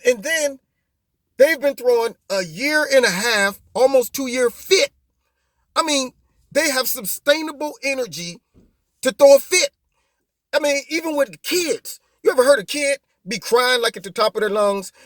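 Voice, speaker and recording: Male commentary host, high and lively, mocking tone, dry close sound. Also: dry recording. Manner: animated, mocking, rhetorical questions. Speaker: host of a political commentary show. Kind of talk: opinionated political commentary.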